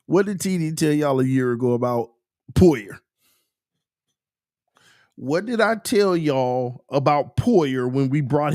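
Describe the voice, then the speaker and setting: A man hosting a casual sports fan livestream, ranting and repeating himself with bursts of laughter and shouting. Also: a little high, no room sound, clean studio sound. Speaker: sports channel host.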